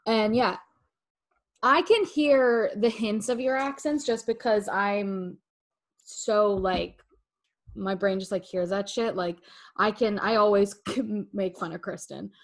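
A woman's voice: medium pitch, steady tone, slow. Playful joking young woman. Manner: playful, joking, swears casually. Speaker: podcast co-host. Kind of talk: casual podcast chat.

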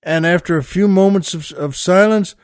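A man's voice: sits high, normal speed, no room sound, studio quality. An older man hosting his own show, retelling a favorite movie scene in a rambling, folksy way, full of "well" and "by the way" asides. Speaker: podcast host. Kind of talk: casual storytelling monologue.

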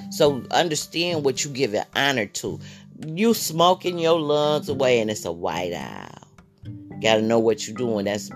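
A man hosting a podcast, talking through a casual spiritual monologue in a blunt, profane way, often repeating his phrases. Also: medium pitch. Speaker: podcast host.

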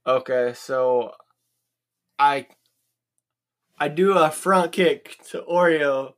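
A man's voice: on the high side, drawn-out words, a bit bright. A man playing a tabletop game in a goofy, playful way. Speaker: player. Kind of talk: casual tabletop chat.

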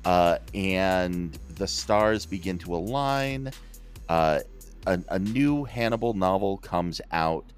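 A low-pitched man hosts a relaxed movie podcast. He tells the film's backstory with plenty of asides and acts out quotes in jokey voices. Faint music plays underneath. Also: slow pace. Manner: animated storytelling, mock quotes in silly voices. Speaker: podcast host. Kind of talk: casual movie podcast chat.

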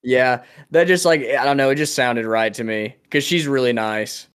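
A man's voice: medium pitch, normal speed, fairly bright tone, clear, resonant tone. A young man co-hosting a casual podcast, telling a story in a laid-back way with lots of fillers and laughs. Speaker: podcast co-host. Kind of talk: casual chat.

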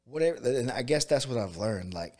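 A jiu-jitsu and MMA coach chats casually in a mid-range voice, talking a little fast. He's relaxed and rambling, dropping "dude" and "like" often.

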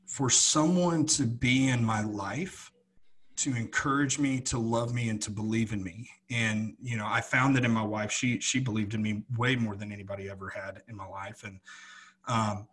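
A man's voice: medium pitch, fairly bright tone, husky. A man co-hosting a podcast, talking in an earnest, reflective way with many restarts. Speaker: podcast co-host. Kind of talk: casual conversation.

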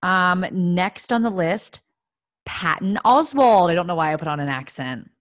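A young woman co-hosting a podcast, chatting in a bubbly way and quick to exclaim. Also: on the low side, fairly bright tone, no room sound, clean studio sound. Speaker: podcast co-host. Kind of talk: casual chat.

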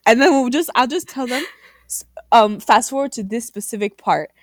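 Young woman cohost chatting on a podcast, laughs a lot, kinda high voice, dry sound. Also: normal speed, dry recording. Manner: laughs often, exclaims "oh my God". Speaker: podcast co-host. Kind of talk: casual chat.

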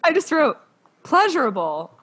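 A woman's voice: high voice, sing-song, normal speed, fairly bright tone, a little hiss or hum. A young woman co-hosting a podcast, chatting casually about a book, swearing and laughing often. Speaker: podcast co-host.

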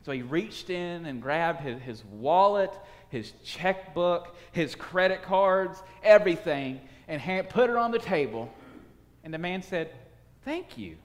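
Animated male storyteller. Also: fairly high pitch, a little slow. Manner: animated, acts out dialogue. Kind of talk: spoken storytelling. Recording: long hall reverb.

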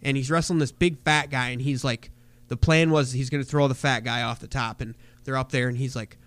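A podcast co-host telling a wrestling story in casual, profane chat, full of fillers. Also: male voice, medium pitch, fairly even intonation, brisk, fairly bright tone, no echo.

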